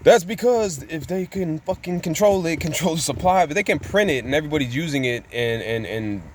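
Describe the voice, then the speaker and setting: A man's voice: fairly high pitch, expressive, a little fast, slight background noise. A man giving a blunt, profane, ranting casual monologue about money.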